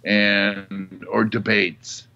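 A male comedian guest in casual chat, halting and hesitant. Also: on the low side, little pitch movement, vocal fry, pushed and bright, clean tone. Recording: dull lo-fi audio.

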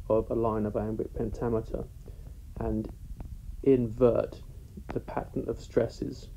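A man with a British accent teaching literature in a measured, deliberate way, leaning on key words. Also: medium pitch, creaky, mellow, a little hiss or hum, low-quality recording. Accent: British English. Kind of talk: recorded lesson.

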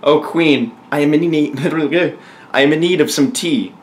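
A man voicing a cheeky, crude young male prisoner in a bawdy storybook tale, raising his pitch and dragging out the punchlines. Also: a little hiss or hum, natural voice. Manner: raised pitch, drawn-out punchlines.

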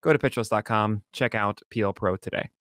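A man's voice: lowish voice, quick pace, fairly bright tone, no room sound, studio quality. A man appearing as a guest on a podcast, eagerly promoting a product and analyzing players. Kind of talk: analytical chat and product plug.

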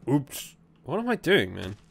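A man's voice: medium pitch, wildly swooping pitch, takes it slowly, creaky, breathy edge. A man giving jumpy horror gameplay commentary, reading the game's text aloud and reacting with laughs and swearing. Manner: reads on-screen game text aloud. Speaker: gaming YouTuber. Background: game music.

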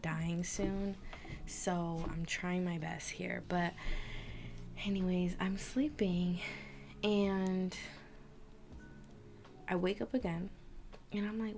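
A woman's voice: on the low side, steady tone, slow, creaky, pauses often, a little mellow. A young woman vlogger telling a frightening personal story to her camera, tense and emotional, often dropping to a whisper. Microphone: camera mic.

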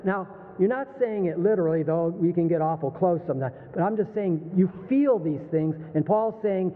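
Older pastor preaching in an echoey hall. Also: male voice, sits high, a little fast, hardly any pauses. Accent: Texan. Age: 60s. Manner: conversational, animated, laughs and asks the room. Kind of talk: sermon. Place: church sanctuary. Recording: phone-like, thin sound with long hall reverb.

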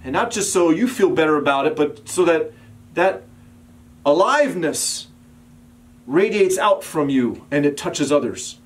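A male pastor delivering a sermon with a slightly high voice. He builds emphatic, repeated calls and at times drops low and soft to tell a story. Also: animated, measured pace.

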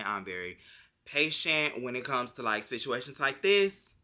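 A man's voice: mid-range voice, animated, a little fast, pushed and bright. A man vlogger telling a story in a casual rant, dramatic and full of profanity and slang.

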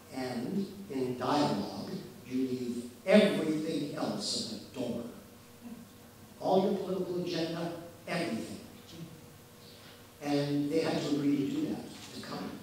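A man's voice: medium pitch, darkish tone. Canadian man giving an echoey keynote. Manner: storytelling, emphatic, acts out quoted voices. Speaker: keynote speaker. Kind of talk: conference keynote speech. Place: conference hall. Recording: echoey hall, distant mic, faint background noise.

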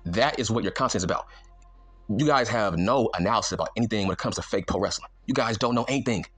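A man's voice: lowish voice, fast talker, a bit bright, faint music behind. A man delivering an angry, profane, mocking rant to camera as a wrestling YouTuber. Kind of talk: angry ranting monologue.

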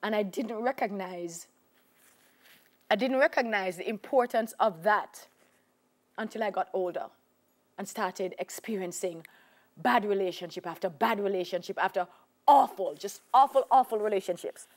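A woman's voice: mid-range voice, moderate pace. A woman with a Jamaican accent, a talk show guest telling her life story with emphatic repetition. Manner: animated storyteller, acts out voices, emphatic repetition.

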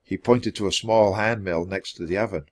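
A man reading a children's chapter book aloud for English learners in a clear, expressive way. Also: fairly low pitch, normal speed. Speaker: storybook reader.

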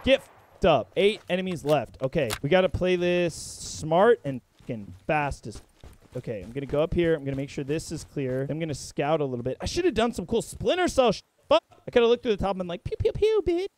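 A young man giving excitable, profane gameplay commentary, breaking into yelps and shouts as he plays. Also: fairly high pitch, fairly quick, slight background noise. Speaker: gaming content creator.

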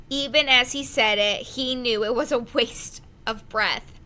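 A woman reading a children's adventure novel aloud, slow and careful, with the odd slip of the tongue. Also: a little high, bright, forceful tone, clear, resonant tone. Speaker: audiobook reader. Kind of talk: storybook narration.

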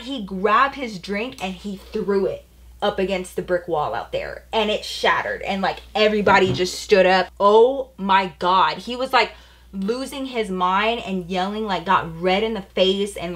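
A woman's voice: mid-range voice, expressive, moderate pace, a bit bright. A young adult woman chatting casually as she tells a personal story, with lots of "like" and "you know". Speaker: beauty vlogger.

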